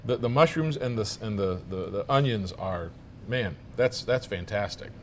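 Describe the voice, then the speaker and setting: A man's voice: fairly low pitch, moderate pace, a little hiss or hum. A middle-aged man hosting a casual food-tasting chat in a restaurant, talking in a chatty, jokey way with many stammered restarts. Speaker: news show host.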